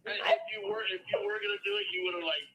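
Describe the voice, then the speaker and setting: A man's voice: high-pitched, huge pitch swings, rapid-fire, vocal fry, sharp tone, rough recording. A man in a casual private chat with a friend, talking loosely with slang and many restarts. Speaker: friend on a recorded call.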